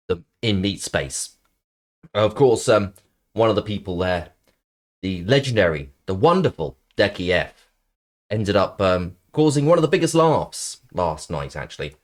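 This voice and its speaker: A male streamer with a lowish voice that swings widely up and down as he chats. He rambles playfully, full of ums and mock-serious sarcasm, like he's hanging out with his live audience. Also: lively intonation, measured pace. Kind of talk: casual live-stream chat.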